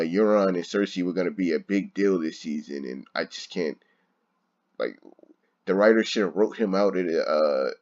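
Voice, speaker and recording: A man's voice: low-pitched, dull audio. A man giving a casual, frustrated review of a TV episode, swearing and laughing often. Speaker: show reviewer.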